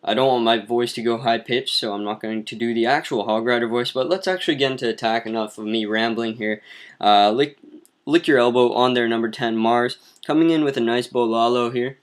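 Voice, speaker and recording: A man's voice: medium pitch, brisk. A man casually narrating replays of mobile game attacks as clan leader, with lots of ums and restarts. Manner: relaxed, filler-heavy, self-correcting. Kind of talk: casual gameplay commentary.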